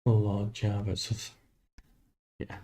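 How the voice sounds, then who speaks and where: A man streaming live while coding a game, thinking aloud in a halting, self-deprecating way. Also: lowish voice, monotone, mellow, a little hiss or hum.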